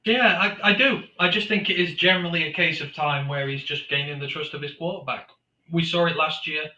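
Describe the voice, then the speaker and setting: A man's voice: on the high side, fairly quick, sharp tone, echoey room, lo-fi sound. A man joining a casual sports live stream as a guest, giving his views at length and in a thoughtful way. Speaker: podcast guest.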